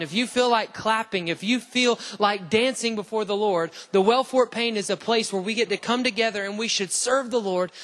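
A man's voice: high voice, a bit bright. A man preaching a fervent sermon as pastor, calling on the congregation to respond. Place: church sanctuary.

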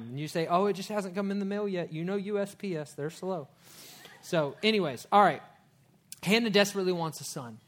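Folksy joking pastor, somewhat high voice. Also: male voice. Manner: folksy, joking asides, animated storytelling. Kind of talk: sermon.

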